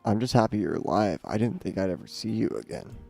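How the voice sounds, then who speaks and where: A man voicing an excitable, gushing village mayor with a put-on voice. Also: lowish voice, quick pace, gravelly, husky, faint music behind, exaggerated voice. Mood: overjoyed. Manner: eager, gushing. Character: excitable small-town male mayor.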